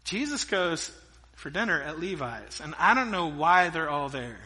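Middle-aged male pastor, animated storyteller, high and piercing tone. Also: moderate pace. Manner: energetic storytelling preacher, swinging between loud emphasis and hushed asides. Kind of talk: sermon. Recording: long reverb of a large hall.

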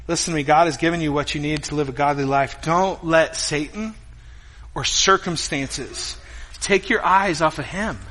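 A middle-aged man preaching a sermon as a pastor, telling stories in an animated way and acting out scenes. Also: fairly high pitch, moderate pace. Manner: animated storytelling, acts out scenes. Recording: echoey hall with guitar music behind.

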